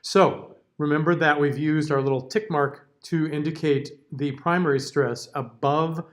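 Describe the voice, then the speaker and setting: Man teaching diction, a bit high. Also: fairly even intonation, unhurried, few pauses. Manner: patient, conversational, models sounds aloud. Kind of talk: classroom lecture.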